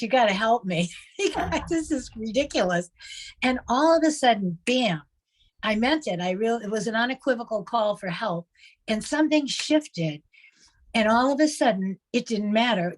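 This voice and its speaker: A woman giving a heartfelt spiritual talk, earnest and emotionally open, repeating phrases for emphasis. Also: a little high. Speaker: spiritual speaker.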